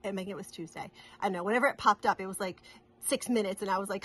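A woman's voice: medium pitch, quick pace, fairly bright tone, slightly rough. A middle-aged woman from New England, chatting casually to camera in a rambling, giggly way with many restarts. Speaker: cross-stitch vlogger.

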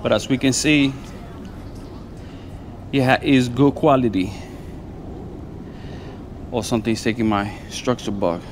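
A man vlogging while fishing outdoors on a lapel mic, talking casually and excitably, with "man" and "bro" in every sentence. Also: mid-range voice, unhurried, long pauses, background noise. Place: outdoors by the water.

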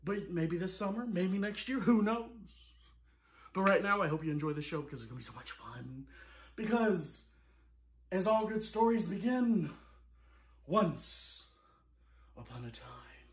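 A man hams up a fairy tale for children, unhurried and drawn out. He gasps, cries out in mock horror and chats directly with young viewers at home. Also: sits high, slightly rough. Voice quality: exaggerated, melodramatic delivery with gasps and mock horror. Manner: animated, jokey, talks straight to young viewers. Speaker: balloon artist and children's performer. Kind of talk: playful storytelling for children.

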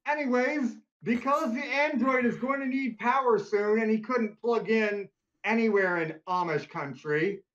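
A man's voice: very high voice, measured pace, fairly bright tone, highs cut off. A man running a comedic tabletop game as game master, narrating with a wry, joking manner.

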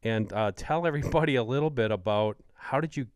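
A man's voice: mid-range voice, fairly quick, smooth, no room sound. A man with a Wisconsin accent hosting a podcast, asking questions keenly and citing numbers. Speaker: podcast host. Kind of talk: casual interview talk.

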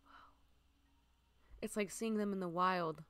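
A young woman with a bright, crisp voice chats through a game stream, naming things one by one in a relaxed way. Her close desk mic gives a dry sound with no room to it. Now and then she slips into a soft near-whisper. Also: fairly low pitch, slow, no room sound. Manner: chatty, lists items aloud, drifts into soft near-whispers. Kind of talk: casual gameplay commentary.

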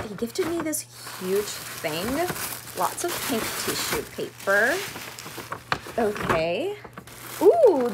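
A young woman in her twenties vlogs in a high-leaning voice, talking slowly and gushing with gasps and plenty of "like" and "oh my gosh". It is a casual, chatty vlog, with faint noise behind her. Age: 20s. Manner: gushing, gasping, full of "like" and "oh my gosh". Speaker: vlogger. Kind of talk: casual vlog, opening gifts.

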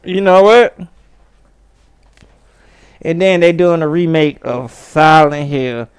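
A gaming vlogger talking casually and animatedly, with slangy phrasing, swearing and sudden high-pitched exclamations. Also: takes it slowly, clear, resonant tone, no room sound, studio quality. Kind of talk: casual ranting commentary.

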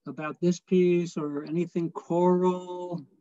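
A man's voice: sits high, slow, no room sound. Chatty man conducting an online choral lecture. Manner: relaxed and chatty, sings short phrases to demonstrate. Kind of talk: online lecture over video call. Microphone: video call microphone. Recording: dull, dry video call audio.

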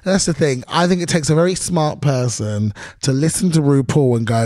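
A man's voice: a little high, fairly quick, darkish tone, dry recording, studio quality. A man with a London accent telling crude, funny stories in a chatty, giggly way as a guest. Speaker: drag performer guest. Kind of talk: casual chat.

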